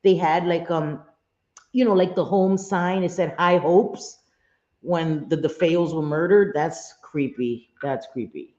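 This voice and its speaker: A middle-aged woman hosts a casual livestream chat, speaking in a low, steady, slightly mellow voice at an unhurried pace. She talks freely and chattily, swearing, laughing often, and reading her viewers' messages aloud as she answers them from home. The stream audio sounds roomy, dull, and lo-fi.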